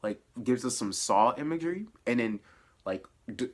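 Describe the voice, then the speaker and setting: Guy doing a chatty spoiler review, middle pitch, laughs a lot, goes from mumbly low asides to loud hyped bits. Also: normal speed. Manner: animated, laughing, swinging between low mutters and excited outbursts. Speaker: TV review vlogger. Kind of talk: casual spoiler review chat.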